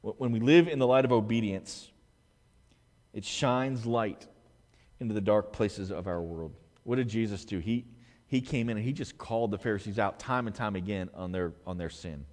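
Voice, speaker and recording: A man preaching a sermon as a pastor, swinging between loud, emphatic stretches and hushed, quiet ones. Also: fairly low pitch, moderate pace, long reverb tail. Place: church sanctuary.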